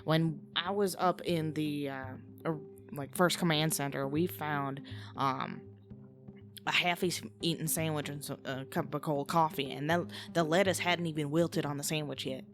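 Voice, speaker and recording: A woman's voice: low voice, fairly even intonation, a little slow, over music. A woman playing in a tabletop role-playing game, thinking aloud with fillers as she recalls details. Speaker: player. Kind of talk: tabletop role-play chat.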